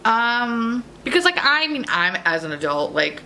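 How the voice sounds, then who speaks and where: A woman in her thirties chatting casually as host, laughing through her stories and swearing freely. Her voice is bright and swings widely in pitch, with a faint hiss behind it. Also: a little slow. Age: 30s. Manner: laughing often, swearing freely, animated storytelling. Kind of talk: casual chat.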